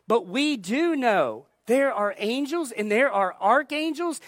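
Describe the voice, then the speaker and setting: A woman pastor preaching a sermon in a deliberate, emphatic way, repeating key phrases for weight. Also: a little high, expressive, no room sound, studio quality.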